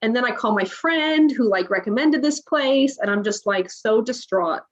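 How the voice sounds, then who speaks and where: A woman's voice: a little high, normal speed. A woman in her thirties recounting a personal story in a casual interview, acting out the dialogue with animation. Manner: animated retelling, acts out quoted dialogue. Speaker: podcast guest. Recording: dull lo-fi audio.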